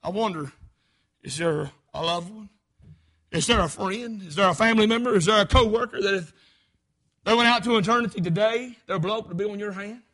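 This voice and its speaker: In a church auditorium, a male preacher delivers a brisk sermon, climbing to loud, impassioned peaks and dropping low for emphasis.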